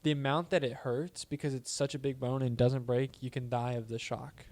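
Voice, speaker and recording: A man's voice: mid-range voice, steady tone, moderate pace, a little mellow, no room sound. A young man co-hosting a casual podcast, rambling goofily and saying "dude" a lot. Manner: rambling, goofy, says "dude" and "freaking" often. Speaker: podcast co-host.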